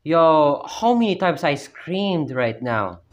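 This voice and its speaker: A man's voice: fairly high pitch, sing-song, slow pace, lo-fi sound, background noise. A man commenting on a horror game playthrough at home, talking to himself and yelping at every scare. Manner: jumpy, yelps and exclaims at scares, chatty self-talk. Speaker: gamer playing a horror map. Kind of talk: gameplay commentary. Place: at home with family nearby.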